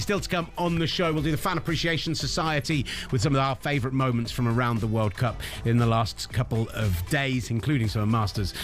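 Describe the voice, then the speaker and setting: A man hosting a casual sports talk show, excitable and playful, with bursts of mock outrage. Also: medium pitch. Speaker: show host. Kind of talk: casual sports radio chat.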